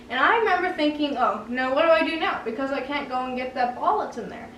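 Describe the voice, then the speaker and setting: A young woman telling a childhood story at home in an animated, dramatic way, often breaking into laughter. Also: sits high, distant mic, a little hiss or hum. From Canada. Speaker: vlogger. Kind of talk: story-time vlog. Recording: roomy room, a bit off mic.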